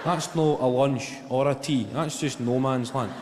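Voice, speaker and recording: A Scottish man with a Glaswegian accent doing a stand-up routine, swearing freely and building stories to loud shouted punchlines. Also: medium pitch, a little slow, background noise. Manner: swearing, animated storytelling with rising shouts. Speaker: stand-up comedian. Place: theatre stage with audience laughter. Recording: long hall reverb, loud ambience.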